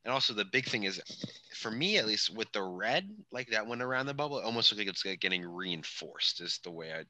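Deep-voiced man chatting excitedly. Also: a little fast, dry recording. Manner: chatty, self-correcting, enthusiastic. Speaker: podcast co-host. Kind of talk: casual chat recap.

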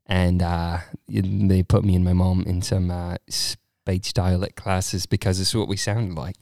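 A man's voice: low voice, flat delivery, unhurried, creaky, a little mellow, no room sound, clean studio sound. A young man from Arizona in a casual chat, laughing often and slipping into playful accent impressions. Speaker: guest chatting about accents.

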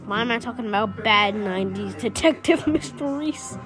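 A woman's voice: fairly high pitch, moderate pace, few pauses. Rambling woman retelling a cartoon plot. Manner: rambling, self-correcting, with exasperated asides. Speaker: storyteller. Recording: music playing underneath.

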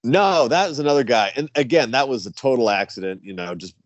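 A man's voice: medium pitch, a little fast, no echo, dull audio. A man, a wrestler guest, telling stories in casual chat, acting out quotes and laughing often. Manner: animated storyteller, acts out quotes, laughs often.

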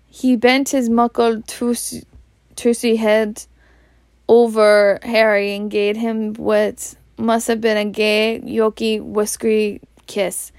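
A woman with a Scottish accent reading a storybook aloud in Scots, slowly and evenly, with some slips and restarts. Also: a little high, creaky, no room sound. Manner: slow, even, with slips and restarts. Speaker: reader.

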